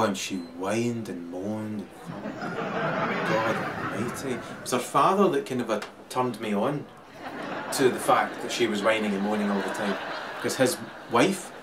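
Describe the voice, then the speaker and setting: A man with a Scottish accent in a rambling, crude monologue who keeps laughing as he talks. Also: lowish voice. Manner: crude, laughs through his talk, swings loud and quiet. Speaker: vlogger. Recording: distant mic, loud crowd and noise.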